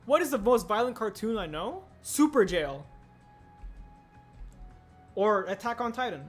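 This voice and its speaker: A man's voice: high-pitched, sing-song, measured pace. A young man streaming casually, rambling and answering chat aloud as he builds. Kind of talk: casual livestream chat while building a set. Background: faint music.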